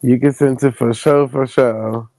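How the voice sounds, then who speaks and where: A man hosting a stream, telling travel stories in a casual, animated and profane way. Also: medium pitch, unhurried, dry recording, low-quality recording. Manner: animated, profane, acts out quoted people. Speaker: stream host. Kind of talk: casual storytelling chat.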